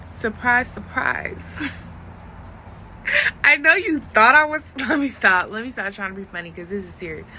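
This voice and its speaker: Woman coach, bright tense tone, chatty and frank, slight background noise. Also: mid-range voice. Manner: chatty and frank, laughs at her own jokes. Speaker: voice coach for phone work. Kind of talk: casual direct-to-camera lesson.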